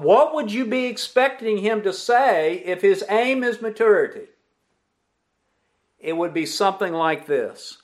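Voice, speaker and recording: Guy preaching a sermon, high voice that swoops all over, quizzes the congregation and repeats what they say. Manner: asks the congregation questions and repeats their answers; emphatic preaching with lively rises and drops. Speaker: pastor.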